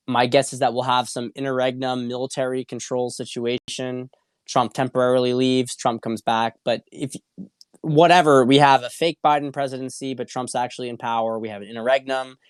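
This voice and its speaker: Man, livestream host, casual commentary, blunt, profane, repeats himself, middle pitch, dry close sound. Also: clean tone, no room sound. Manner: blunt and profane, with frequent repetition and restarts. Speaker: show host. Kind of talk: casual livestream commentary answering viewer questions.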